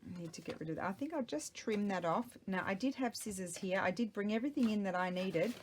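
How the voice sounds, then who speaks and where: A woman's voice: mid-range voice, lively intonation, fairly quick, background noise. A middle-aged woman, chatting casually and rambling to herself while she works on a craft project at home. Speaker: craft vlogger. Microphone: small microphone.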